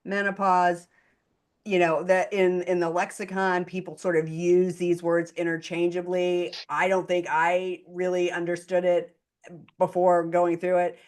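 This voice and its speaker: A woman co-hosts a podcast with a slightly low voice. She talks in an animated, casual way, tossing in quick asides and easy laughter. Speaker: podcast co-host. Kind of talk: casual interview chat.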